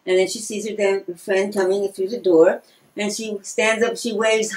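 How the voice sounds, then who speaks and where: An older woman telling bawdy jokes and reciting a comic rhyme about growing old, with a brisk delivery. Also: mid-range voice, little pitch movement, darkish tone. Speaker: amateur comedian. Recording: echoey room.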